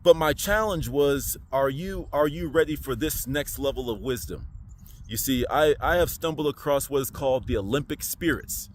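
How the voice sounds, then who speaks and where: A man giving a casual, slangy spiritual monologue into his phone, animated and preachy. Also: medium pitch, normal speed, slight background noise. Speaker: spiritual vlogger.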